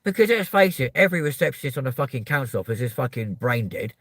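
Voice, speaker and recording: A man from Kent, ranting on a live stream and answering chat, swearing and often rising to shouting. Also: medium pitch, big pitch swings, fast, dry recording. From Kent, England. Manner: profane, heated, swings into shouting. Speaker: livestreamer.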